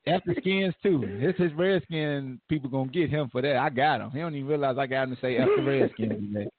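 A man's voice: mid-range voice, quick pace, no room sound. A man hosting a casual sports podcast with callers, playful and loose, often laughing. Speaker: podcast host. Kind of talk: casual sports call-in banter. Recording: tinny phone-line sound with faint noise.

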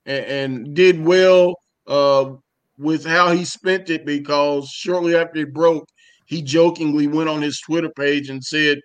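A man with a high-pitched voice chats casually on a podcast. He talks haltingly, stumbling over repeated words as he gathers his thoughts. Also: steady tone. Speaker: podcast co-host. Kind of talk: casual chat.

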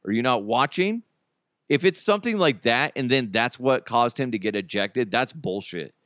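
A male podcast host in a casual solo rant, swearing freely, animated and laughing at his own jokes. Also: mid-range voice, normal speed, no echo, studio quality.

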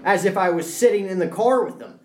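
A man's voice: high voice, brisk, reverberant. A young man co-hosting a podcast, telling a story in casual chat. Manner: storytelling, animated impressions. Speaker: podcast co-host.

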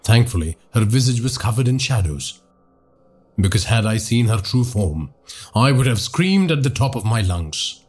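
A man narrating a horror story for a podcast in a hushed, dramatic storytelling manner. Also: mid-range voice, big pitch swings, normal speed, soft background music.

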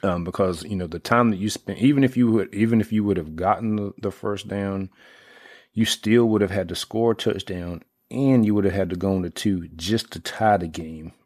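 Deep-voiced rambling sports fan man. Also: normal speed, no room sound, clean studio sound. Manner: rambling, heavy on fillers and restarts, excitable when retelling plays. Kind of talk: casual sports talk.

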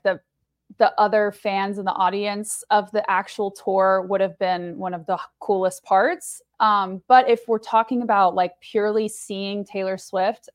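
A woman co-hosting a podcast in casual chat, joking and swearing as she tells stories. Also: mid-range voice. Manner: animated, joking storyteller who swears. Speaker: podcast co-host.

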